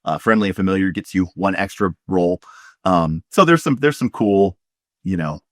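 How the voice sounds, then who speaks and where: A man's voice: deep voice, expressive, moderate pace, a bit bright, no echo, clean studio sound. A man running a tabletop game, explaining rules in a rambling way with many fillers and restarts. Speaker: game master. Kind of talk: casual tabletop game chat.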